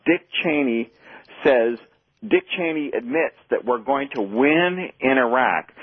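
A man's voice: medium pitch, no room sound. A man calling in to a radio show, chatty and wry, with sardonic laughing asides. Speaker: caller. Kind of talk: phone-in call. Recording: tinny dry phone line.

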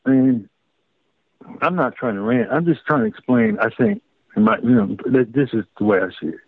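A man's voice: medium pitch, normal speed, dry recording, narrow, tinny audio. A man hosting a radio talk show, ranting in a profane, emphatic way. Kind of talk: heated talk radio rant.

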